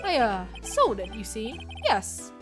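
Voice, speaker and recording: A woman's voice: on the high side, huge pitch swings, music in the background, heavily acted. A woman voicing a fussy elderly male lawyer who rambles, hesitates and keeps saying "my boy". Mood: fretful. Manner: halting, nostalgic, calls others "my boy".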